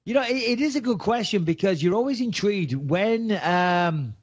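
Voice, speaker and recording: A man's voice: high voice, lively intonation, normal speed, breathy edge, muffled recording. A British man, a retired fighter, co-hosting a podcast with brash, profane, provocative joking. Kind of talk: casual podcast banter.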